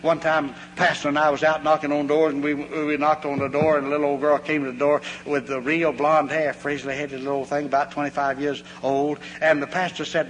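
A man's voice: fairly high pitch, a little fast, few pauses. A man preaching a folksy sermon, telling homespun stories and acting out the voices in them. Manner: homespun, animated, acts out voices in anecdotes. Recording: long hall reverb, faint hum.

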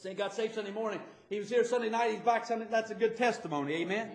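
A man's voice: sits high, fast talker, creaky, reverberant. A man preaching a fervent sermon as pastor, stumbling over repeated words as he builds his points. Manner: stammering repetitions, fervent preaching.

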